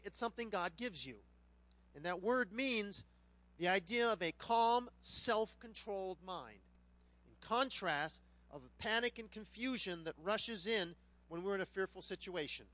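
A middle-aged male pastor preaching, his voice sitting high and swinging widely up and down. He slips into humorous storytelling and puts on voices for the people in his tales. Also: animated, a little slow, sharp tone. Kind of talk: sermon with a personal anecdote.

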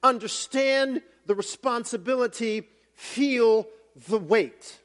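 High-voiced male pastor preaching. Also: slow. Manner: animated storytelling with many restarts. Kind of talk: sermon.

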